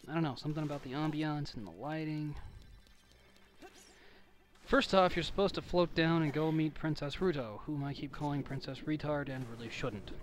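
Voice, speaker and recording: Over video game music, a young man with a voice on the high side talks at a normal speed, rambling through a game playthrough. His casual let's-play commentary is full of jokes and self-deprecation.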